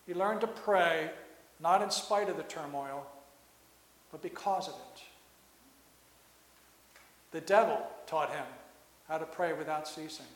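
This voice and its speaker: A man with a high voice preaching a sermon, telling a story and slowing down to repeat key phrases. His voice rings through a large hall with a long, roomy echo. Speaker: pastor. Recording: echoey hall.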